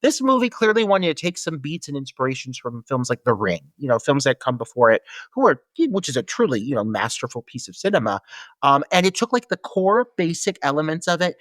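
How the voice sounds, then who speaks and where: Animated man, lively pitch, dry sound. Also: a little fast, dry recording. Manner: animated, profane, laughs while recapping. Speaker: podcast co-host. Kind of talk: casual movie-review chat.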